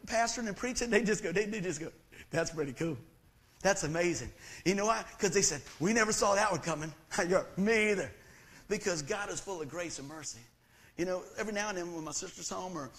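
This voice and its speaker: High-voiced animated male pastor preaching. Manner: animated storytelling, acting out quoted voices. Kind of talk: sermon.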